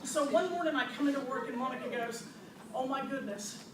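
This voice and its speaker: A woman who owns a store, telling animated customer stories to an audience with frequent laughter. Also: high voice, a little fast. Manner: animated, laughs often, acts out customers' quotes. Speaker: store owner presenting to a business audience. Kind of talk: storytelling presentation. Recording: distant, echoey, noisy room recording.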